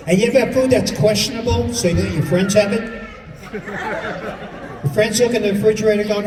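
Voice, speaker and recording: A man from New York doing a stand-up comedy set on stage, exasperated and acting out people in quick bits. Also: sits high, fairly even intonation. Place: stage in a large hall with a live audience. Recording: distant, echoey hall with crowd laughter.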